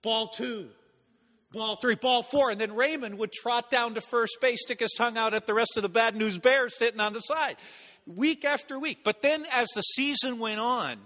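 A male pastor preaches with a high, bright, ringing voice. He tells a story with lively, animated delivery, now and then acting out the people in it. His voice carries a long reverb, as in a large sanctuary. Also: normal speed. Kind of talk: sermon with personal story.

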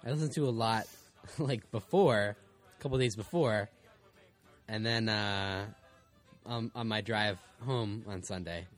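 A man's voice: lowish voice, soft background music. Playful young male college radio host. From United States. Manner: playful, teasing, halting with many fillers. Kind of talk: casual radio banter.

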